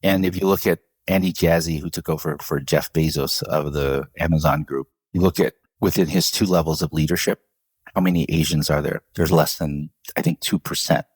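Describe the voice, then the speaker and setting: A man's voice: a bass voice, moderate pace, slightly rough, no echo. A man who leads a professional association answers interview questions in a conversational, storytelling way and laughs often. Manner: storytelling, animated when quoting others, laughs often. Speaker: CEO of a professional association, guest.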